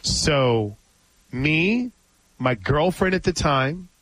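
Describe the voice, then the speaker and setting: A man's voice: a little high, expressive, drawn-out words, fairly bright tone, no echo, poor audio. A man hosting a sports talk radio show in a studio, chatty and telling stories. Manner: chatty, storytelling. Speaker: radio host.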